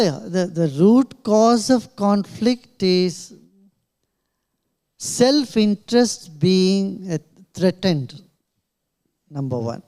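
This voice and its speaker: Guest speaker, man, very unhurried, measured delivery with pauses, press room. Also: sits high. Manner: slow, measured, with many pauses and soft laughs. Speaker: invited speaker. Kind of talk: press conference answers. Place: press club conference room.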